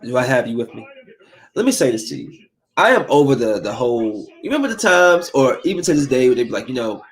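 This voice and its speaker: A man with a high-pitched voice rants on his podcast. He talks casually but keeps lecturing, scolding and preaching at his listeners in a heated way. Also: sing-song, brisk. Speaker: podcast host. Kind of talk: opinionated casual podcast rant.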